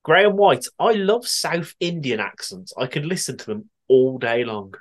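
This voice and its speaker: Lively, chatty podcast host guy. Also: medium pitch, normal speed. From West Midlands, England. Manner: chatty and giggly, often laughing and swearing. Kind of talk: casual chat, reading listener answers.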